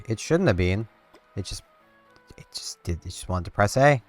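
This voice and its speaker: A man's voice: lowish voice, lively intonation, moderate pace, no echo, faint music behind. A man giving casual let's-play commentary, rambling and talking to himself and to the game as he plays. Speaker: gameplay commentator.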